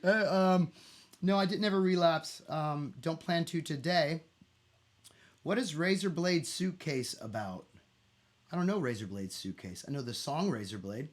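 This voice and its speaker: Man, middle-aged, slightly high voice, casual home livestream, candid, rambling with fillers. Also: animated, measured pace. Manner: open, rambling, candid, with many fillers and restarts. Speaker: musician hosting a home livestream.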